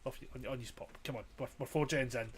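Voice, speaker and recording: A man's voice: mid-range voice, steady tone, quick pace, a little hiss or hum. A man commentating his own gameplay casually, exasperated and self-mocking, swearing constantly, his throat strained and frazzled. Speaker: gamer streamer.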